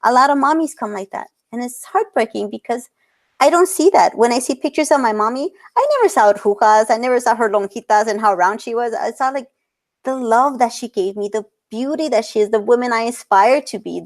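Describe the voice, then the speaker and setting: A woman's voice: on the high side, a little fast. A woman in her thirties, a portrait photographer talking as an interview guest. She speaks earnestly, laughs often and drops Spanish words into her English. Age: 30s. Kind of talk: casual interview talk.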